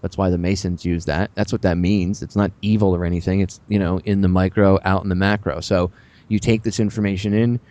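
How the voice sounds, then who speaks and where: Low, mellow-voiced male radio host. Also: a little fast, lo-fi sound. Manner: rambling, sarcastic, animated asides. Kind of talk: conspiratorial radio talk.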